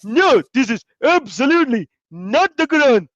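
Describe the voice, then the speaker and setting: A man putting on shrill outraged shouting men. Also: big pitch swings, moderate pace, no echo, dull audio, exaggerated voice.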